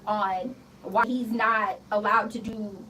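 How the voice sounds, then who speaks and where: A woman in her thirties, a guest on a radio show, telling stories in a blunt, profane, animated way. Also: mid-range voice, slow. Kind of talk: casual interview chat. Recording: slightly distant mic with faint background noise.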